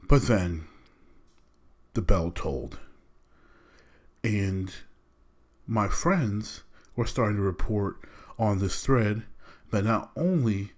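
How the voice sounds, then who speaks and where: A young man hosts his own podcast in a loose, slangy, animated way. His voice sits low and relaxed as he vents about his gripes. The delivery is casual and talkative. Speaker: podcast host.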